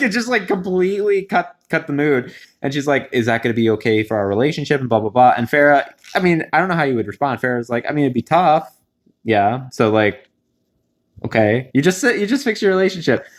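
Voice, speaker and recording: A man talks through a reality show episode in a loose, chatty vlog. He fills his speech with "um" and "you know" and restarts sentences often. His voice sits at an ordinary middle pitch. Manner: chatty, animated, many fillers and restarts. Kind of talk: casual recap vlog.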